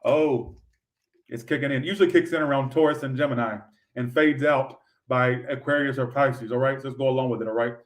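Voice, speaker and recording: A man's voice: mid-range voice, fairly even intonation, a little fast. A man giving a livestream tarot reading in a sassy, profane, rambling way, talking straight to his viewers. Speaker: tarot reader.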